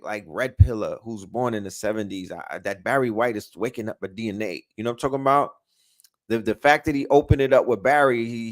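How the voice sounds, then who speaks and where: A man streams his reaction to a rap song, going from low mutters to loud excited outbursts. His voice sits at an ordinary middle pitch, and he keeps repeating lines and throwing in slang. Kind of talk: live stream reaction commentary.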